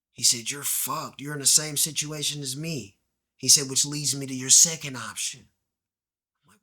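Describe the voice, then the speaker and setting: With a mid-range voice and a sharp tone, a man tells his own story as a guest in a candid storytelling interview. He talks in slang, performs the voices of those he quotes, and lowers to almost a whisper when the tension rises.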